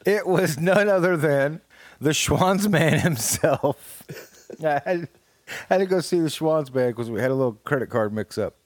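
A man co-hosting a comedy podcast, brash and boastful, with a gravelly voice and loud laughs. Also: a little high, expressive, a little slow, no echo. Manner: brash, boastful tough-guy patter with frequent laughs. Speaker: podcast co-host. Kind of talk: improvised comedy banter.

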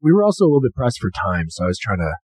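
A man co-hosting a podcast in relaxed, slangy casual chat. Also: fairly low pitch, husky, dry recording. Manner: relaxed, slangy, quick to laugh along. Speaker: podcast co-host.

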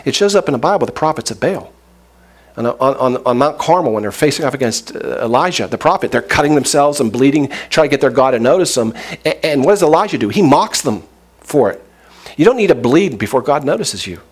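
Male pastor, husky tone, casual joking sermon delivery. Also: a little high. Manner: conversational, joking preacher who acts out voices.

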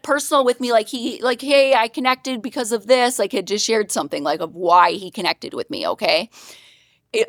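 Excitable young woman guest, high bouncy voice, laughs a lot. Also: no echo, clean studio sound. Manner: bubbly, excitable, laughs often. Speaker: podcast guest. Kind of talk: casual storytelling.

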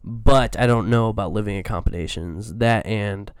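A man's voice: fairly low pitch, normal speed, clean tone, no echo, studio quality. A young man casually telling stories in a chat, laid-back and swearing freely. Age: young adult.

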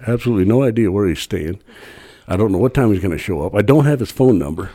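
A middle-aged man, a podcast guest, telling a long rambling story in a casual, animated way with frequent restarts. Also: fairly low pitch, fast.

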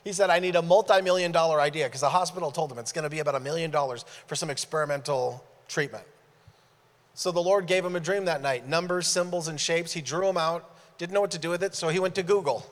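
A man preaching as a guest speaker in church, telling animated stories and acting out the dialogue. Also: on the high side, fast talker. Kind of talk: sermon storytelling. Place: church sanctuary. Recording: long hall reverb.

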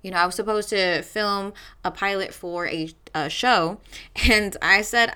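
A woman's voice: medium pitch, steady tone, unhurried, sharp tone, smooth. A young adult woman hosting a self-help podcast, speaking emphatically and repeating phrases for stress. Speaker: podcast host. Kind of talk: motivational self-help talk.

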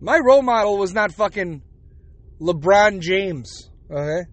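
A man's voice: sits high, expressive, unhurried. A man in his forties hosting a podcast, ranting bluntly with plenty of swearing. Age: 40s. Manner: profane, blunt, heated. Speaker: podcast host. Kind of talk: opinionated podcast rant.

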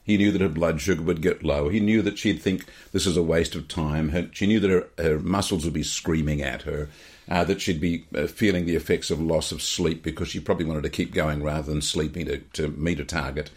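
An Australian man with a very low, deep voice tells a story on a talk podcast. He is animated and often restarts his sentences as he goes. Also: brisk. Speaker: podcast co-host. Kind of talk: storytelling in casual chat.

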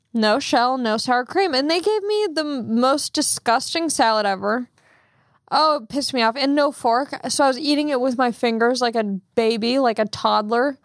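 Young woman podcaster, quick chatty storyteller, fairly high voice, dry mic. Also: no echo. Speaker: podcast host. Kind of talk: casual chat.

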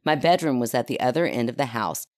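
A chatty woman hosting a podcast, her voice sitting very low. She talks casually with quick asides and laughs, then reads a listener story aloud. The sound is dry and close. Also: expressive, darkish tone, dry recording. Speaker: podcast host.

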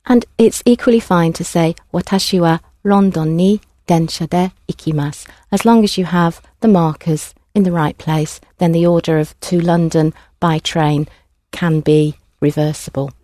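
A woman teaching a language class, prompting students clearly and patiently. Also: lowish voice, fairly even intonation, moderate pace, dark tone, no room sound, studio quality. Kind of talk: classroom instruction.

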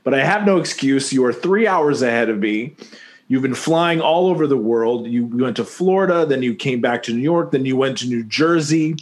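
A man's voice: mid-range voice, lively intonation, normal speed. A man co-hosting a casual movie-review chat, rambling and jokey, often correcting himself mid-sentence. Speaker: podcast co-host.

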